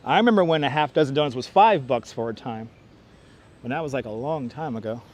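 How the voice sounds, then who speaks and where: A man's voice: mid-range voice, lively intonation, a little fast, a little hiss or hum. A man with a Brooklyn accent giving a chatty walking tour on a livestream outdoors in a city park, talking to viewers on a clip-on mic. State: out of breath from walking uphill. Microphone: wireless clip-on mic.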